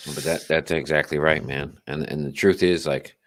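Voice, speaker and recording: A man with a bass voice, steady in tone and a bit bright, speaks at a moderate pace. He co-hosts a casual late-night podcast, swearing and emphatic as he hammers the same point over and over.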